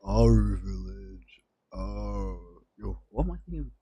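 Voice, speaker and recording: A man's voice: lowish voice, animated, slow, warm tone, breathy edge, faint music behind. A man streaming a game who chats casually over it, laughing often and calling people bro. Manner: chatty, laughing, says "bro".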